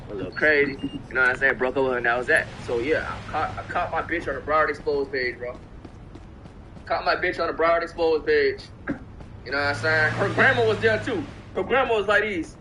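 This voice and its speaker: A young man from Florida telling a long story on a casual stream, with lots of swearing and loud re-enacted quotes. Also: medium pitch, fairly quick, background noise. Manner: profane, animated, repeats himself, acts out quotes.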